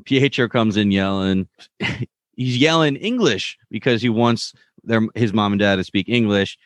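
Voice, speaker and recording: A man's voice: lowish voice, unhurried, no room sound. A man co-hosting a casual podcast, chatty as he recaps a TV episode and acts out quoted lines. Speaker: podcast co-host.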